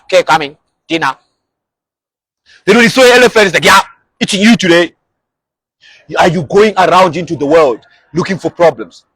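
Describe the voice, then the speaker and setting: A man preaching an energetic sermon, animated, acting out short quoted voices along the way. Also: high voice, husky, no echo.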